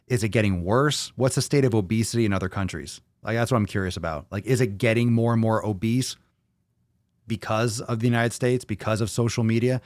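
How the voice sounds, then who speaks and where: A man's voice: fairly low pitch, a little fast, darkish tone, dry recording, studio quality. A young man hosting a casual livestream podcast, rambling and swearing freely as he throws questions to his viewers. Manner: rambling, profane, asks the audience questions. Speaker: podcast host.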